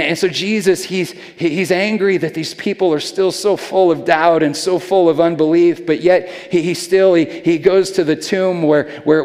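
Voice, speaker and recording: A man's voice: on the high side, darkish tone. A man preaching a sermon as a pastor, talking in a casual, earnest way and often repeating words as he goes. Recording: long hall reverb.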